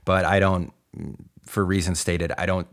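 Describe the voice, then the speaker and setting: A man with a deep, low voice co-hosts a film podcast. He talks casually and wryly, joking with his co-host and reading the sign-off. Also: little pitch movement, unhurried. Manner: wry, joking, reads the sign-off.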